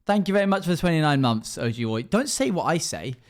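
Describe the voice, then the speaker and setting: A man with a higher-pitched voice talks fast and very animatedly while livestreaming as a dungeon master. He rambles and gets emotional as he reacts to his chat in a casual conversation.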